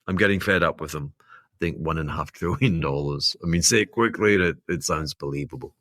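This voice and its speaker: A man's voice: extremely low pitch, a little fast, a bit bright, no echo, clean studio sound. A man hosting a solo podcast, giving rambling, wry, self-mocking market commentary with laughing asides. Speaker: podcast host.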